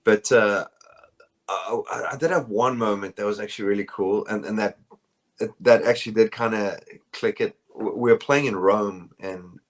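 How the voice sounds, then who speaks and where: A man with a South African accent talks through his answers casually, circling back with fillers and restarts. His voice sits fairly low. He is calling in to the interview by phone. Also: fairly even intonation, moderate pace. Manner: rambling, many fillers and restarts. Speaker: bassist, interview guest. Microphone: phone call.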